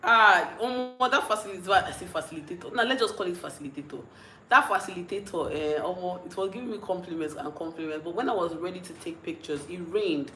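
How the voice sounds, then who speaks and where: A young Nigerian woman with a Nigerian accent, chatting casually on a livestream, reading out comments and rambling with frequent giggles and restarts, a little tipsy and mellow. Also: on the low side, fast talker, echoey room, faint music behind, poor audio. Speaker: vlogger.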